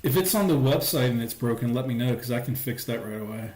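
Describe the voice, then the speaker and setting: A man's voice: medium pitch, expressive, fast talker, a little mellow. Casual rambling male streamer, roomy sound. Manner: rambling, lots of "like" and "um". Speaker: livestream host. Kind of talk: casual livestream chat. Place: home stream setup. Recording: roomy echo.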